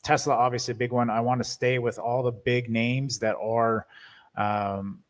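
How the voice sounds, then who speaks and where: Casting: male market-video host, monotone delivery, loose and hesitant, lots of ums. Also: medium pitch, moderate pace. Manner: many fillers and restarts, hedging predictions. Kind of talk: casual market commentary over charts.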